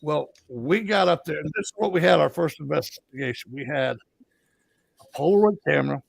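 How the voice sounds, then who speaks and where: A man's voice: a little high, lively intonation, fairly quick, gravelly, no room sound. A middle-aged man from Alabama with a Southern accent, telling ghost stories as a co-host in a folksy, rambling, casual way. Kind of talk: casual storytelling chat.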